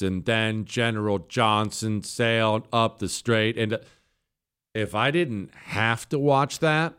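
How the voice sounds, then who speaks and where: A man's voice: mid-range voice, clean tone. A man hosting a talk show, giving an emphatic, opinionated monologue in answer to listener questions, with frequent restarts.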